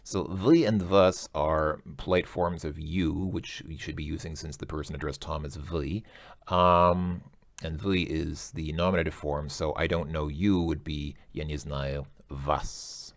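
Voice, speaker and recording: A man's voice: rumbling low, steady tone, measured pace, no echo, studio quality. A man working through a language test aloud in a casual recorded lesson, hesitant and correcting himself as he goes.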